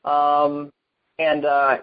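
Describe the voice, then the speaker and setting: A man with a somewhat high voice reads a testimony aloud at a church service, his delivery earnest and halting. The recording is muffled and lo-fi, with the top end dulled. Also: completely flat delivery. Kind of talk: reading a written testimony aloud at a church gathering.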